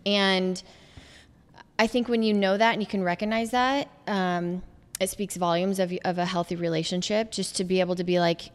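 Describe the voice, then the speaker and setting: A woman's voice: on the low side, steady tone, moderate pace, big-room sound. A woman who is a podcast guest, speaking earnestly and reflectively about her own experience in casual conversation.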